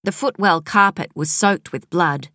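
Woman narrator, scripted audiobook reading, measured, very slow, lowish voice, dry close studio mic. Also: no echo. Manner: measured, even storytelling.

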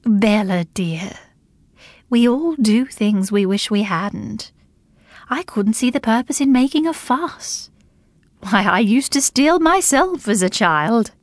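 A woman reading an audiobook voices a brisk, blunt elderly woman who talks in a matter-of-fact way. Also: high-pitched, big pitch swings, dry recording, voice pushed up. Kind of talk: audiobook character voice.

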